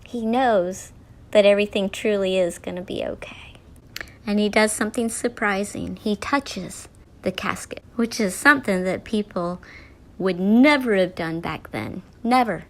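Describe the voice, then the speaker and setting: A woman's voice: medium pitch, measured pace. A woman hosting a devotional talk while she paints, telling the story earnestly and often dropping to a near whisper. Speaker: host.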